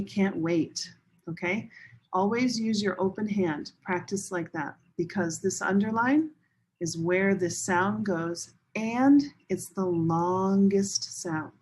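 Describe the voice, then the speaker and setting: A woman teaching English as a second language in a recorded online lesson, modeling pronunciation slowly and carefully and repeating words for learners. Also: medium pitch, husky, rough recording. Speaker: ESL teacher.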